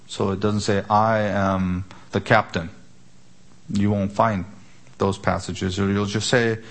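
Low-voiced man preaching emphatically. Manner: emphatic, rhetorical questions, slows for key words. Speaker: pastor. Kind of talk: expository sermon.

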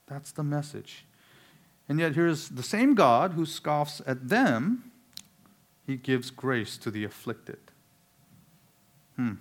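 Emphatic preacher, man. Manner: emphatic, swings between loud declarations and low, quiet asides. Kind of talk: sermon.

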